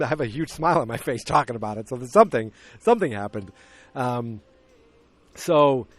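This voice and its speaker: Man podcast host, animated recap that acts out scenes, mid-pitched, dry close sound. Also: no echo. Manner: animated storytelling, acting out scenes. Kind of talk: casual movie recap.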